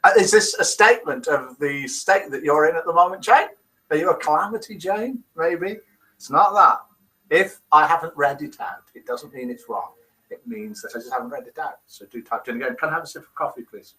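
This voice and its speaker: A man's voice: on the high side, moderate pace, bright, forceful tone, rough recording. Chatty British man hosting a live show. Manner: teasing, chatty, self-mocking. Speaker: host of a live seniors' call-in show. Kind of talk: live broadcast chat, reading viewer messages.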